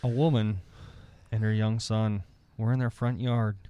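A man's voice: lowish voice, level tone, measured pace, mellow, smooth. A man co-hosting a podcast, reading a silly short story aloud like an audiobook in a casual joking way. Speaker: podcast host. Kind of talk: comic storytelling.

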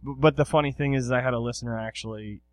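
A man's voice: mid-range voice, quick pace. A man hosting a podcast, chatting loosely and joking with his co-host and guest. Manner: loose, swearing, joking banter. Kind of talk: casual chat.

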